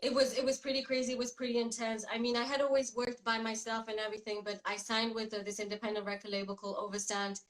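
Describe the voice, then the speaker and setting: Higher-voiced woman rapper chatting on a video call, bubbly and laughy, still in her morning voice. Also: flat delivery, rough recording. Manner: upbeat, chatty, quick to laugh. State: groggy morning voice. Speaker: rapper guest. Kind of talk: casual video-call interview.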